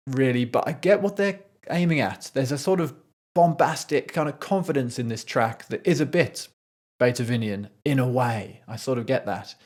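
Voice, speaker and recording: Thoughtful man explaining music. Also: medium pitch. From Scotland. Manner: thoughtful, with frequent restarts and sung rhythms. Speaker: composer and music commentator. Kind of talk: casual analytical commentary.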